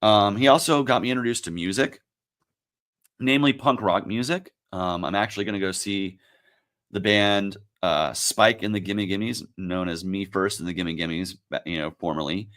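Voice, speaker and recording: A man turning forty, hosting his own livestream and talking in a reflective, halting, emotional way, with many pauses and fillers. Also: fairly low pitch, a bit bright. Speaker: livestream host. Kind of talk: casual livestream talk.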